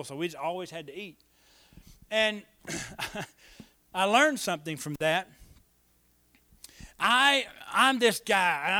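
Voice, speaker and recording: A preacher with a high, bright, ringing voice delivers his sermon. He swings from hushed, chuckling asides to loud, emphatic declarations and calls on the congregation for amens. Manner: preaching with call-and-response, swinging between soft asides and loud emphatic lines. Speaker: pastor.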